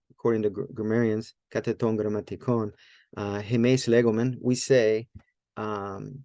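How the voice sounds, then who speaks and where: A man with a low, gravelly, mellow voice teaches in a loose, conversational way. He explains step by step and keeps asking "right?" The sound is dry and close, with no room around it. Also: dry recording. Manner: informal, many fillers, explains step by step, asks "right?". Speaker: Greek language teacher. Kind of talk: casual teaching.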